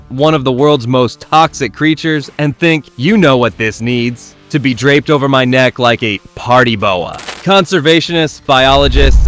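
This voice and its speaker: A man's voice: mid-range voice, a bit bright. A man reading a scripted, sarcastic commentary narration with a wry, punchy delivery. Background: faint background music.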